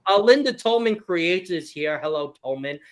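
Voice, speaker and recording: A man's voice: high voice, animated, moderate pace, clean tone. A man hosting a casual live-stream game show, laughing often and reading viewer chat aloud.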